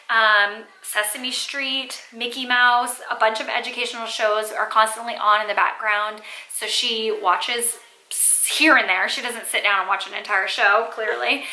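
A woman's voice: mid-range voice, pushed and bright. A young woman, a mother, chatting casually to camera with lots of "like" and "um" fillers. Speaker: mom vlogger. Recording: echoey room.

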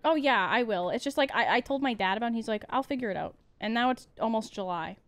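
A young woman streaming a game, chatting casually, laughing often and yelling at the game. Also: fairly high pitch, animated, fast talker. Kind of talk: casual gameplay commentary.

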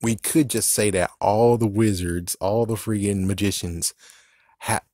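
A young man with a lowish voice rants casually for his fan channel, rambling, swearing and flaring into frustrated outbursts. He is recorded close up in a dry, dead-sounding room. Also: steady tone, measured pace, dark tone, no room sound. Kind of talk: casual ranting vlog.

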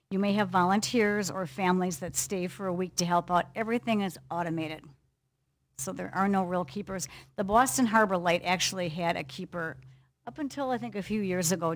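An older woman, an author and lecturer, answering audience questions in a chatty, animated way. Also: lowish voice, a little hiss or hum. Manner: chatty, animated, laughs between points. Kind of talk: casual Q&A talk.

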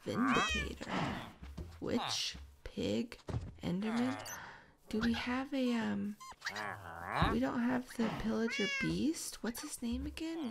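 A woman hosting a gaming channel, giving soft whispered ASMR commentary as she plays and chats to the game's animals. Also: mid-range voice, big pitch swings, measured pace, vocal fry, very noisy. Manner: soft whispering, chatty asides to the game animals.

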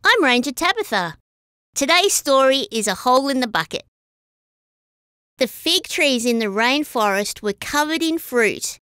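A woman reading a children's story aloud as a storyteller, expressive and sing-song. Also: sits high, unhurried, smooth, no room sound, clean studio sound.

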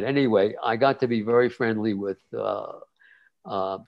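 A man in his nineties, a guest cartoonist, telling stories in a relaxed interview, rambling with many fillers and restarts. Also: lowish voice, moderate pace, gravelly. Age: 90s. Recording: dull lo-fi sound.

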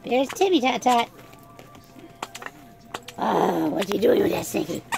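A woman's voice: on the high side, animated, slow pace, gravelly, darkish tone, soft background music. A woman filming her pets at home in her living room, chatting casually and cooing at them in baby talk. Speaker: vlogger showing her pets. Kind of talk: casual home video chat. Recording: noisy home recording with pets.

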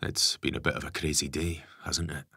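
A gruff, stubborn father speaks calmly and plainly, voiced by a male narrator. His voice sits very deep with a husky edge. The reading is close and dry. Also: fairly quick, dry recording, full character voice. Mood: resigned. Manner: calm, plain-spoken.

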